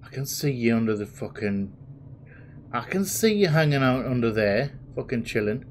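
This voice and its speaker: A man's voice: medium pitch, lively intonation, normal speed, noisy background. A man giving let's play commentary on a game, jumpy and swearing constantly as he talks to the game. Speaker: gaming video host. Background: game music.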